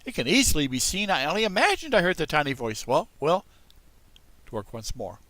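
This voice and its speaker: A man's voice: fairly high pitch, very animated, brisk, sharp tone, dry recording. A man voicing a jumpy, blustering old carpenter in a storybook reading, stammering a little. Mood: shaky.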